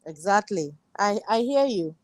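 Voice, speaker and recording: A Nigerian woman chatting casually as a guest, agreeable and soft-spoken. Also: medium pitch, animated, a little slow, over a noisy crowd. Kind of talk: casual chat.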